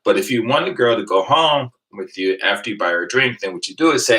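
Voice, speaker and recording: A man, casually telling a rambling, animated story to his live viewers and laughing along the way. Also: lowish voice, quick pace, few pauses, rough recording. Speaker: vlogger on a live stream.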